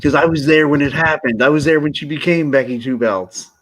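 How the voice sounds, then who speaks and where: A man's voice: fairly high pitch, a little fast, a bit bright. Guy rambling about wrestling on a podcast, jokey, keeps restarting his sentences. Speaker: podcast co-host. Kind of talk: casual wrestling chat.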